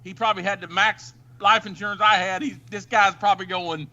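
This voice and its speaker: Man from the Ozarks, middle-aged, bright voice, rambling crude storyteller, animated. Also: high-pitched, fairly quick, lo-fi sound. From Ozarks, United States. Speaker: podcast storyteller, former police officer. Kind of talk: casual storytelling chat.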